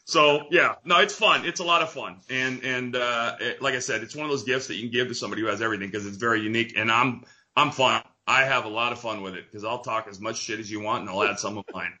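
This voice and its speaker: Guest: middle-aged man, very bright tone, blunt and jokey, curses casually. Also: medium pitch, fairly even intonation, quick pace. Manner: blunt, joking, swears freely. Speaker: guest, retired pitcher. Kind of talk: casual interview chat.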